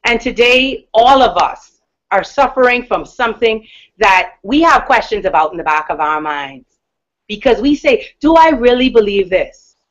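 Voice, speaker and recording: Motivational woman coach from the Bahamas, deep powerful voice, stretches key words, dull lo-fi audio. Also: expressive, fairly bright tone. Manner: emphatic, encouraging, with slow stressed words. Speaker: mindset coach. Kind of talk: motivational talk. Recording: dull lo-fi recording.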